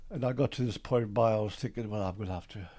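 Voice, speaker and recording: On an interview show, an older man from Newcastle, England, with a Geordie accent, tells his story in a lively way and acts out old conversations. His voice is on the low side and he talks at a quick pace.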